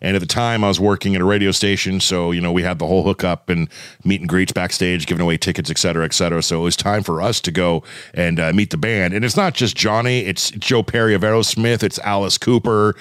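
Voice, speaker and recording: A man's voice: deep voice, fairly even intonation, fast talker, a bit bright, clear, resonant tone, dry recording. A middle-aged man hosts a podcast, telling stories in an easygoing way with loose repeats and casual swearing. The recording is dry and close, with no room sound. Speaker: podcast host. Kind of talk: casual chat.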